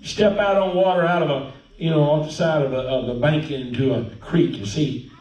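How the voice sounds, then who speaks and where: Pastor guy preaching, high voice, kinda folksy, church room echo, mic far off. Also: unhurried. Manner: folksy, animated preaching with hallelujahs. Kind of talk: sermon. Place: church sanctuary. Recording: echoey church sanctuary, distant mic.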